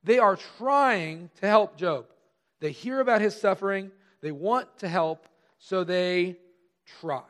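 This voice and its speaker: A pastor preaching a conversational sermon, stressing key words slowly and trailing off softer at the ends of phrases. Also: male voice, high voice. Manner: conversational, pausing with emphatic slow stresses.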